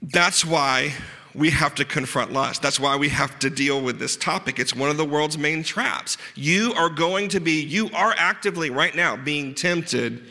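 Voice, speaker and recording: A man with a fairly high, bright and forceful voice preaches a sermon, earnest but slipping in dry asides. He slows down to press on key words. His voice rings out with a long reverb, as in a large hall. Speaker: pastor.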